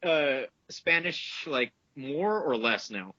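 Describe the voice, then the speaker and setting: Husky bright-voiced man, dry lo-fi audio. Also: medium pitch, slow, no room sound. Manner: animated, laughs while talking. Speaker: podcast co-host. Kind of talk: casual chat.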